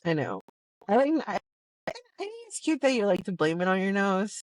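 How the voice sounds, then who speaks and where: A woman's voice: mid-range voice, sing-song, normal speed, no echo. A woman in casual, teasing banter with her husband, laughing often, talking in a car. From Latina. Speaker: host's wife, co-host. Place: car while driving.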